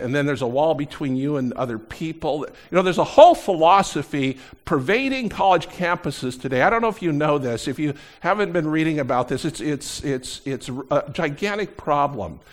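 A middle-aged man preaching a sermon as pastor, animated, swinging between loud emphasis and quieter asides. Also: fairly high pitch, normal speed.

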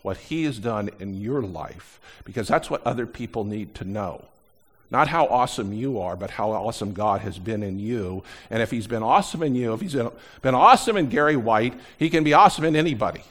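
A middle-aged man preaching a sermon as pastor, animated, swinging between loud emphasis and quieter asides. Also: medium pitch, fairly quick.

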